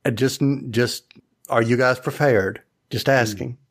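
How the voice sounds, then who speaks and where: A man's voice: medium pitch, steady tone, unhurried, breathy edge. A man hosting a casual discussion podcast, often stumbling and repeating his words. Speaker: podcast host.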